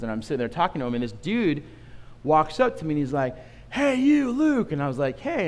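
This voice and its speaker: Animated male preacher in a reverberant hall. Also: a little high. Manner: animated storytelling with asides to the room. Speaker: pastor. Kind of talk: sermon.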